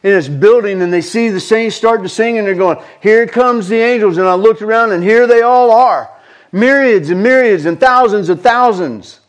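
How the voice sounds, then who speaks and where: A man's voice: high voice, moderate pace. A man with a Southern US accent preaching a fervent sermon, repeating words for emphasis. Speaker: pastor.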